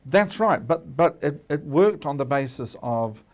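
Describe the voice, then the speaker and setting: A man's voice: a little high, animated. Emphatic New Zealand man commentator. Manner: measured, emphatic, with frequent restarts. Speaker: political commentator guest. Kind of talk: studio discussion.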